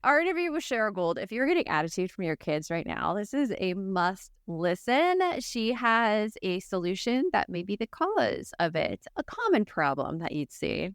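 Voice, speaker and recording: A chatty woman hosts a parenting podcast with a smooth, clear voice. Her sound is dry and close, with no room behind it. She laughs easily and acts out quotes as she talks. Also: mid-range voice, very animated, moderate pace, hardly any pauses, no room sound. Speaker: podcast host. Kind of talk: casual interview chat.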